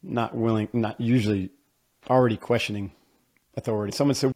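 A man from upstate New York, a guest in an interview, telling a story in a casual, animated way and acting out the voices of the people he quotes. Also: fairly low pitch, a little fast, long pauses. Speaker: interview guest, former Navy SEAL.

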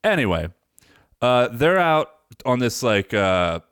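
Man, podcast co-host, casual movie review, easygoing, wry, lively pitch, dry close mic. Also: takes it slowly, clear, resonant tone, dry recording.

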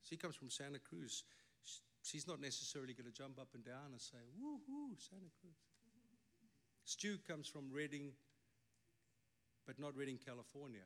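A man's voice: medium pitch, normal speed, a bit bright. A middle-aged man with a South African accent, a native Afrikaans speaker, preaching a sermon with emphatic delivery and wry asides. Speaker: pastor.

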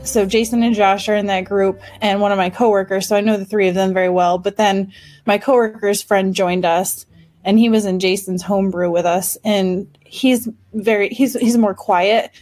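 A woman's voice: medium pitch, fairly even intonation, normal speed, a little mellow, rough recording. A woman game master in a casual panel chat, chatty, laughing often and trailing off into restarts.

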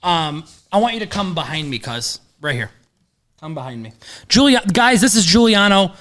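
This high-pitched man in his thirties hosts a casual podcast and bets on sports. He rambles excitedly at a normal speed, dropping plenty of "um"s and casual swearing.

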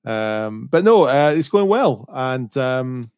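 A man's voice: medium pitch, sing-song, takes it slowly, darkish tone, smooth, dry recording, studio quality. A Scottish man, a guest author, chatting casually and modestly on a podcast, laughing easily. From Scotland.

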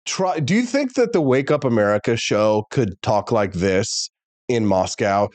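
A male talk show host delivering an animated, opinionated monologue straight to viewers. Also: on the low side, a little slow, no room sound.

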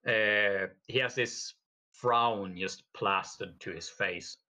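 A man narrating a tabletop game as game master, slow and halting with many fillers. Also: fairly low pitch, sharp tone, rough recording.

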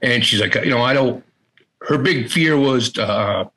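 A middle-aged man as an interview guest, candidly telling a personal story in a halting way, often repeating words and quoting family members. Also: mid-range voice, bright, forceful tone, low-quality recording.

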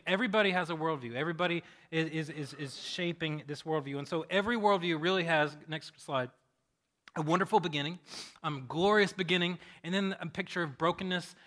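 Male pastor, sermon, fairly high voice, bright tone, conversational and animated. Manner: conversational, animated storytelling with restarts.

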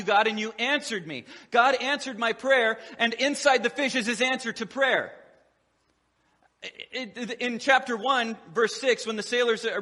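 A middle-aged male pastor delivers a sermon in a relaxed, joking, conversational way. His voice sits high and sounds bright and forward. The hall gives it a long, lingering reverb. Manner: conversational preaching with humor and acted quotes.

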